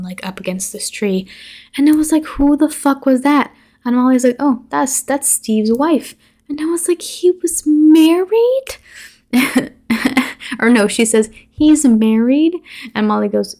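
A woman hosts her own podcast and retells a horror film's ending in a loose, chatty way. Her voice has a gravelly fry at mid pitch, and she swears freely and acts out the characters' lines in quick bursts. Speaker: podcast host. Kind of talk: casual movie recap.

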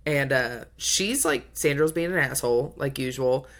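A woman's voice: extremely low pitch, moderate pace. A woman co-hosting a book podcast, casually retelling a plot with acted-out quotes and swearing. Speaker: podcast co-host.

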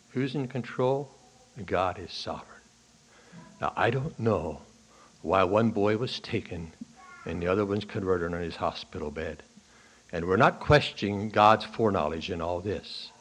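A man preaching a sermon to a congregation in a church. He swings from hushed, low lines to loud, high bursts on key points and asks the listeners questions. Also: measured pace, slightly rough. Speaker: pastor. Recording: archival sermon recording.

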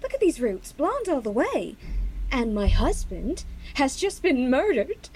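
A woman doing a brassy high American bombshell. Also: sing-song, unhurried, darkish tone, a little hiss or hum. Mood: sassy. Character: brassy young American widow-to-be. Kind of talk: comedy audio drama acting.

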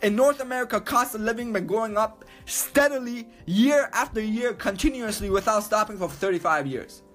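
A man ranting loudly and emphatically, swearing a lot and repeating himself. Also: high voice, moderate pace, few pauses, faint music behind. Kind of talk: profane rant to camera.

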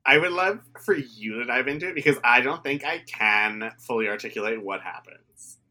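Bright-voiced man in casual podcast chat. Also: medium pitch, normal speed. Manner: casual, profane, laughs between remarks. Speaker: podcast co-host. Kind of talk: casual chat recapping a reality show.

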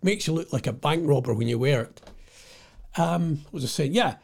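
A man's voice: fairly high pitch, animated, moderate pace, vocal fry, a little mellow. An older Scottish man chatting at home in a casual, digressive monologue, often losing his thread. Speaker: vlogger.

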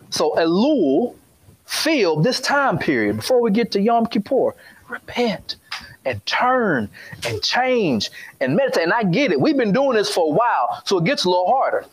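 A man's voice: high-pitched, sing-song, normal speed. Man preaching a conversational sermon. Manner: conversational, repetitive, call-and-response with congregation.

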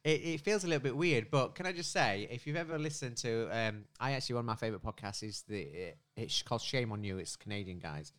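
Fast-talking British man hosting a podcast. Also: mid-range voice, expressive, a bit bright. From United Kingdom. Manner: chatty, swearing, quick and giggly. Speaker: podcast co-host. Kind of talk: casual podcast banter. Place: home.

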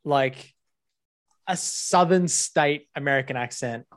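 A man's voice: on the high side, takes it slowly, fairly bright tone. An Australian man co-hosting a podcast, chatting bluntly and swearing freely. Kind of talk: casual chat.

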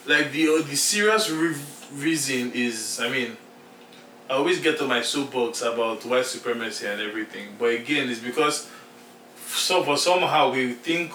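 Nigerian man, bright voice, roomy echo. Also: medium pitch, normal speed. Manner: animated, laughing, restarts often. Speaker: podcast co-host. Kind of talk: casual chat. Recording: echoey room, a little far from the mic, faint noise.

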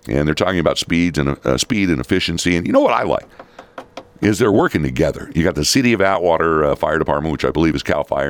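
A man's voice: very deep voice, no room sound. A middle-aged man hosting a local talk show, rambling wryly through civic news with many fillers and asides. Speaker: local radio show host. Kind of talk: casual talk-show commentary.

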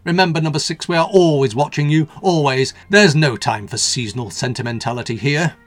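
Man voicing derisive growling jailer, husky, louder. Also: a little high, animated, brisk. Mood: triumphant. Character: smug, derisive male jailer, growling and triumphant.

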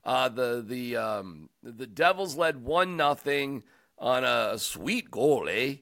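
A man hosting a sports talk show, chatting casually and joking around in an animated, rambling way. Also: medium pitch, slow pace, no room sound, clean studio sound. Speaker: sports radio host.

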